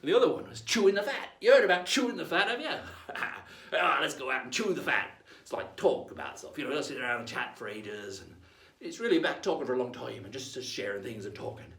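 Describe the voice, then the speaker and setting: A man's voice: medium pitch, big pitch swings, fast talker. A man presenting a playful in-character history lesson as a pirate captain, tagging nearly every line with "right?". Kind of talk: in-character educational talk. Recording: echoey room, mic at a distance.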